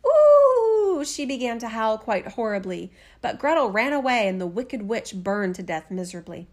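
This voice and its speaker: A woman narrating a fairy tale in a steady, expressive storytelling voice. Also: medium pitch, normal speed. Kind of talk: fairy tale read-aloud.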